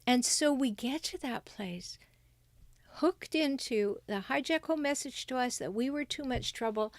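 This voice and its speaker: Hosting a livestream of relationship advice, a middle-aged woman reads viewer comments aloud and talks emphatically. Her voice is a little high, with no room sound.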